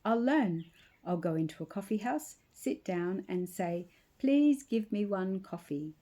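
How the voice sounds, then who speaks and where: A woman's voice: mid-range voice, animated, a little slow, mellow. A woman voicing a young Greek village man, an earnest lovesick suitor who talks in a pleading, insistent way.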